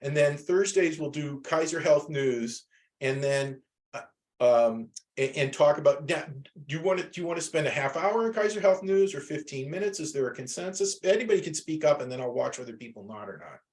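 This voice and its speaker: A man's voice: fairly high pitch, expressive, fairly quick, darkish tone. A man teaching a class over a video call, talking casually and rambling with many restarts.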